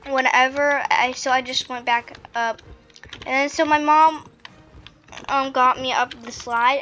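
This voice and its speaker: Chatty bright-voiced woman rambling. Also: on the high side. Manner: rambling, chatty, full of "like" and restarts. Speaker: gaming channel host. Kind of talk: casual storytelling while playing a game.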